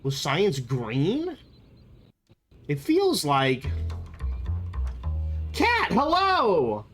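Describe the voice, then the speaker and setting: A young adult streamer rambling and joking with chat at an unhurried pace. Their pitch swings widely from low mutters to high yelps, and their thoughts jump from one topic to the next. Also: huge pitch swings, fairly bright tone, faint music behind. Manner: rambling, playful, jumps between topics. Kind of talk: casual live-stream chat.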